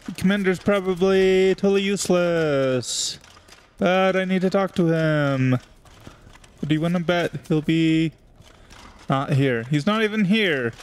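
A man's voice: high-pitched, measured pace, smooth. A man hosting a let's play, giving sarcastic, joking commentary as he plays a video game. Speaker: gaming channel host.

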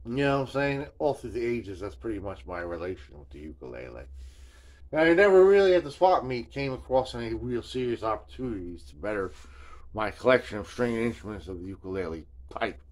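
Speaking in a sing-song, slightly mellow voice of medium pitch, this video host moves at a fairly quick pace. His casual video journal is a relaxed, rambling story told with slang, curses and endless "man" and "you know what I'm saying."

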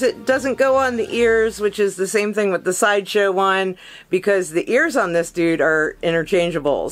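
A woman's voice: mid-range voice, low-quality recording. A woman hosting an unboxing video, talking to her viewers in a gushing, emotional way as she unpacks a collectible figure. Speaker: collectibles reviewer. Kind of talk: excited unboxing vlog.

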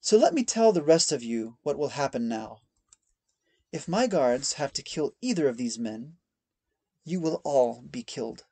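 Audiobook villain: man doing a cool, menacing masked older woman, gravelly and dry. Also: medium pitch, lively intonation, unhurried, mellow, dry recording. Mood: cold. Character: masked older woman, cold ruthless estate matriarch.

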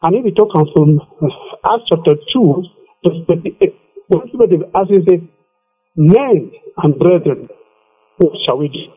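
Emphatic preacher on a tinny phone line. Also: male voice, high-pitched, lively intonation, moderate pace, breathy edge. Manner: emphatic, repeats scripture. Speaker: evangelist. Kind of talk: radio preaching.

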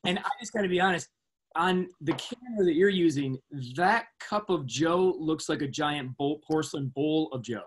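A man's voice: on the high side, normal speed, breathy edge. A man, a physician hosting an interview, asking playful and upbeat questions. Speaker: host, physician.

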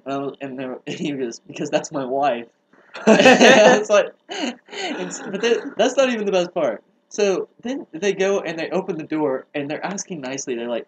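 A man in casual comedic chat, telling a story in an animated way and laughing along. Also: on the high side, moderate pace, a little hiss or hum, poor audio. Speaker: podcast co-host.

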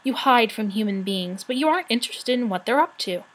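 A woman voicing a sharp-tongued female rat in a storybook reading, scolding and shrill. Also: lively intonation, a little fast, poor audio. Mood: shrill, cross.

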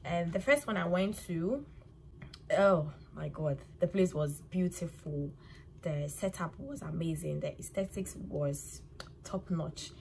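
Slow, low-voiced chatty woman vlogging. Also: vocal fry, slight background noise. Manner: chatty, laughs often, restarts sentences. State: cold and tired. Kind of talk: casual vlog talk to camera. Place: outdoors in winter streets, later at home.

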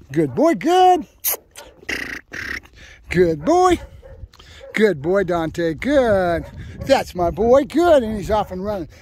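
Man with a high, excitable voice. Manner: bursts into high excited praise for the dog; plain explaining between praise. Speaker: dog trainer. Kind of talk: casual training vlog.

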